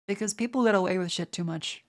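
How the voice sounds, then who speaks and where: Young Australian woman streamer, crude, rambling live-chat delivery, mid pitch. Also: fast talker. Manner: profane, rambling, stammers and restarts. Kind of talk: casual live-stream chat reading viewer comments.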